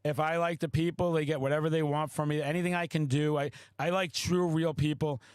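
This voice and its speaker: A man hosting a podcast, a loud, excitable storyteller who swears often in casual chat. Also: a little high, brisk, smooth, dry recording. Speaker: podcast host.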